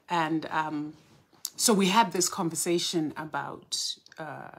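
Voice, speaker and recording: Woman, spiritual teacher on a live stream, bright voice and slow delivery, greets her viewers by name. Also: lowish voice. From Southern Africa.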